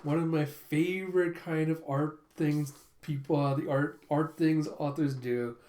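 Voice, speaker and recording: A man hosting an anime reaction video, recapping scenes excitedly and reading every character's lines himself. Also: on the high side, a little slow. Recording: roomy echo.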